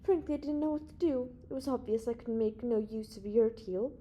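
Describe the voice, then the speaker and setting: Woman reading an anxious older male scientist, hesitant, defensive, strained, mellow. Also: on the high side, a little fast, pitched above the performer's own voice, lightly acted. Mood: confiding.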